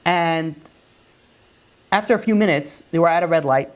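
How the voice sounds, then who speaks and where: A man's voice: a little high, moderate pace. A man, a rabbi, telling a story in a casual way, full of "you know" and "like" fillers. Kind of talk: oral storytelling.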